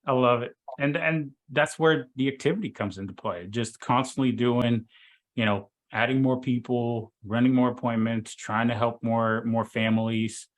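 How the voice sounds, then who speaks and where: A man hosting a video call, asking his guest questions in halting speech with many restarts. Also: medium pitch, fairly even intonation. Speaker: host.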